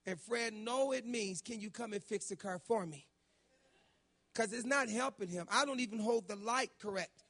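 A middle-aged man preaching a sermon, telling personal stories in an animated way that climbs into shouts. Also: high voice, moderate pace. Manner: animated storytelling, rising to shouts when quoting. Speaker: pastor.

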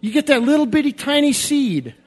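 A man preaching a sermon in a repetitive, emphatic cadence, swinging from quiet confession to shouted outbursts. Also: very high voice, sing-song, fairly quick, faint music behind.

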